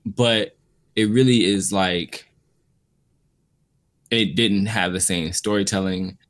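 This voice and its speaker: Speaking slowly in a low voice, a man loosely rambles through a review of an anime series on a laid-back podcast. His talk is relaxed and full of filler words, especially "like."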